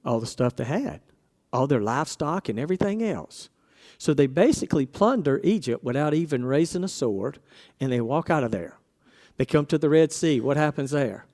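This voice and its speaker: A man's voice: a little high, expressive, moderate pace, darkish tone. A man preaching a casual sermon, asking his congregation questions and acting out quoted voices.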